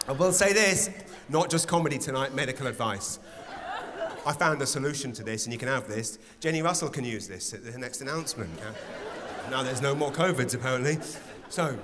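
A man in his forties performing live stand-up comedy in a large theatre, animated and building to loud exclamations. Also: mid-range voice. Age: 40s. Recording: reverberant live theatre with audience.

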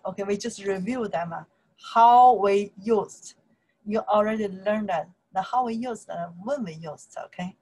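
A woman's voice: mid-range voice, unhurried, darkish tone, husky, poor audio. A woman with a Chinese accent, a native Chinese speaker teaching a language lesson in simple English, explaining grammar and repeating phrases.

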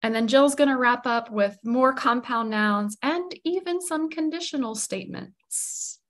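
A woman's voice: sits high, unhurried. A woman hosting a casual online English class. She talks with easy laughs and lots of energy. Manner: animated, laughing easily.

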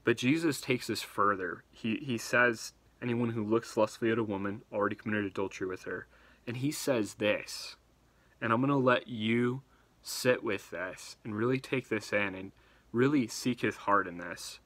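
A man preaching a devotional sermon, earnest and urging, slowing down and dropping almost to a whisper on key words. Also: on the low side, a bit bright, no room sound. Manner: earnest, urging, slows for emphasis.

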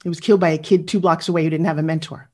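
A woman in her fifties giving a motivational speech, animated and confessional, talking straight to her audience and asking for their replies. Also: low-pitched, rapid-fire. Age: 50s. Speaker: motivational speaker.

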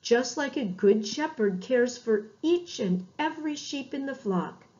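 Woman doing a soft-spoken caring teacher man, slow, muffled lo-fi sound. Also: high voice, animated. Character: gentle male teacher speaking to his followers. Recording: dull lo-fi recording.

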